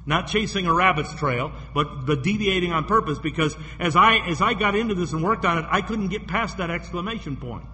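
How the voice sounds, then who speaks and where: A man's voice: sits high, sharp tone. Earnest preacher man in an echoey hall. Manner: earnest, stumbling restarts, reads verses slowly. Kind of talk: sermon.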